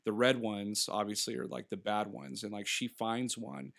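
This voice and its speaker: A man with a gravelly, bright and forceful voice, chatting casually in a rambling way as a podcast co-host. He laughs often and slips into quick impressions as he talks. He sounds to be in his thirties. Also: lowish voice, fairly even intonation. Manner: rambling, laughing, acting out characters. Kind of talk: casual film review chat.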